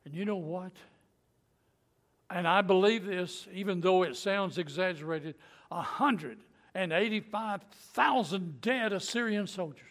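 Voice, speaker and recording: Speaking high and at a measured pace, a man recounts a Bible story in a homespun, conversational style. He brings it to life by acting out the quotations and chuckling as he goes.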